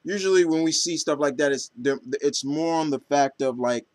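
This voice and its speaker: A man's voice: fairly high pitch, moderate pace, dry recording. Hesitant, enthusiastic male anime vlogger. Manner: hesitant, many ums and restarts; enthusiastic fan. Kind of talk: casual chat.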